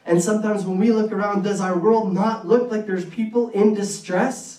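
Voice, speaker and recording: A man preaching a sermon in an earnest, conversational way, with quick bursts and restarts, recorded in a church hall. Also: sits high, warm tone. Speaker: pastor. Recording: echoey room from a distance.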